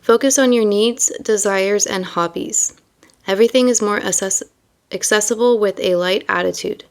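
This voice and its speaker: A woman's voice: mid-range voice, normal speed. A young woman reading tarot and chatting casually, rambling and full of fillers between card meanings. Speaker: tarot reader.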